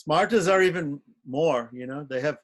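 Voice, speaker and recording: A man gives advice in a relaxed talk, pausing and restarting as he thinks things through. His voice sits a little above the usual male range. He sounds reflective and unhurried. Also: a little high. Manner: reflective, halting, many restarts.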